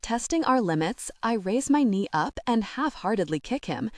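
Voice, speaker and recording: A woman narrating a first-person romance audiobook in an intimate, measured reading. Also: a little high, big pitch swings, a little mellow, no room sound, studio quality.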